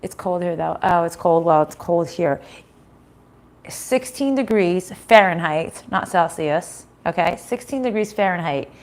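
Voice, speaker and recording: A woman's voice: on the low side, lively intonation, measured pace. A middle-aged woman giving a casual live-stream tarot reading from home, chatty, swearing now and then and laughing often.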